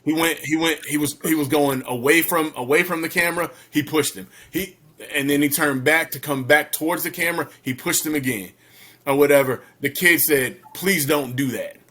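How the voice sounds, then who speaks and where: A man's voice: on the high side, fairly even intonation, moderate pace, bright, forceful tone. A man co-hosting a casual podcast, blunt and firm, repeating his point. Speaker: podcast co-host. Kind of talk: casual debate chat.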